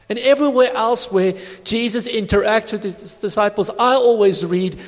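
Guy preaching in a church hall, pretty high voice, big long echo. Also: normal speed, hardly any pauses. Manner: reflective, conversational preaching with acted quotes. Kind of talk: sermon.

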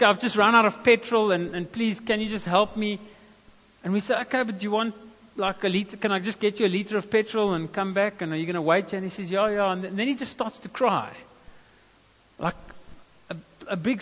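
A South African man preaching in a high, bright voice, breaking into stories and tossing in casual asides and calls of amen. His words ring through a long reverb, and the sound is a little dull. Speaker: pastor. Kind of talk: sermon.

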